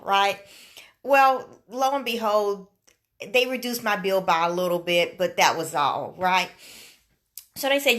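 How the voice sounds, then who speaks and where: A woman's voice: fairly high pitch, moderate pace. Chatty woman counselor hosting live. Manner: chatty, animated storytelling with many fillers. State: a little out of breath. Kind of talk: casual live-stream chat.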